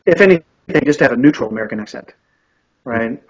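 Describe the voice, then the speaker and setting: A man's voice: mid-range voice, lively intonation, quick pace, slightly rough, rough recording. A man in his forties, an audiobook narrator and coach, giving thoughtful, earnest answers in a podcast interview. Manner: earnest and thoughtful, with frequent restarts.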